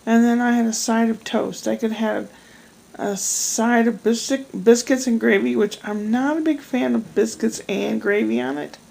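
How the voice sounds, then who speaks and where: A woman's voice: fairly high pitch, fairly even intonation, normal speed, vocal fry, darkish tone, rough recording. A middle-aged woman chatting casually at home at night in a rambling, self-deprecating vlog. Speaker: vlogger. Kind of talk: casual chat.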